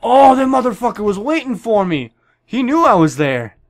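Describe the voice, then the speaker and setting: A man's voice: extremely high pitch, very animated, moderate pace, dry recording, clean studio sound. A young man giving profane, joking commentary on a shooter game, with sudden yelps. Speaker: gameplay commentator. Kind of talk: casual gameplay commentary.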